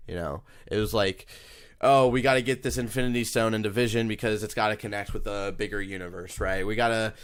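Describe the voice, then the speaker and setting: Lower-voiced young man, excitable and profane. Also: a little fast, smooth. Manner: excitable, swears often, laughs along. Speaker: podcast co-host. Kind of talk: casual chat.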